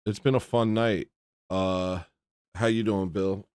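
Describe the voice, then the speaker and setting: Brief: low-pitched male livestream host, dry close mic, blunt and indignant, rambling between thoughts. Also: steady tone, slow, darkish tone, clear, resonant tone, dry recording. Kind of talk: casual livestream chat.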